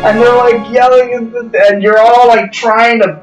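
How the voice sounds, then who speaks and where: Man, game master, high voice, rambling, excitable, echoey room, mic at a distance, music playing. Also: a little slow. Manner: rambling, excitable, many fillers, sound-effect yelps. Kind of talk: narrating a tabletop game. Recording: roomy echo from a distance, music behind.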